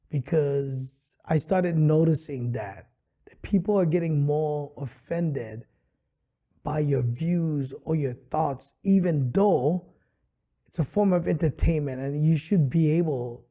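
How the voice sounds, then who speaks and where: A middle-aged man from Hawaii, a comedian telling stories in an animated way with many fillers, on a studio podcast mic. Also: fairly high pitch. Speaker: comedian and guest. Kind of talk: casual interview storytelling.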